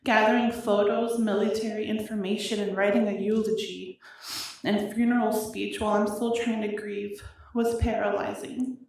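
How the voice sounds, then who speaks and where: A woman reading her own victim impact statement aloud in a courtroom, emotional and halting, her voice wavering with grief. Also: medium pitch, flat delivery, gravelly, a little mellow, slight background noise. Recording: echoey courtroom audio from far off.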